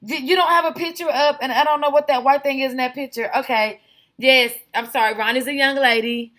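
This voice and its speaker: A woman hosts a casual livestream and talks straight to her chat. Her voice is bright and cutting and sits somewhat high. She speaks bluntly and wanders off on tangents. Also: steady tone, brisk. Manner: rambling, tangent-prone, blunt. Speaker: livestream host.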